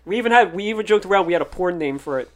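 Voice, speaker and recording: A man with a slightly raised pitch tells behind-the-scenes stories in a loose, rambling flow. He circles back with "so" and "uh" and breaks into easy laughter between anecdotes. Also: animated, very fast. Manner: rambling, filler-heavy, laughs often. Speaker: podcast guest, filmmaker. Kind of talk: casual chat.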